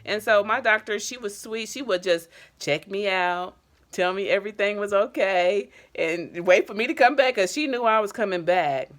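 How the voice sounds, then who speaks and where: A woman's voice: mid-range voice, moderate pace. A middle-aged woman who works as an addiction counselor, talking candidly on her vlog and telling her own story with casual slang and open emotion. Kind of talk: personal vlog talk.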